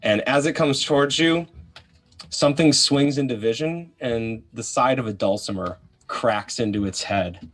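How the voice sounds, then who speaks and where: A man's voice: medium pitch, normal speed, fairly bright tone. A man running a live tabletop role-playing game as game master, narrating scenes in a casual, loose way. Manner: casual, swears, voices characters.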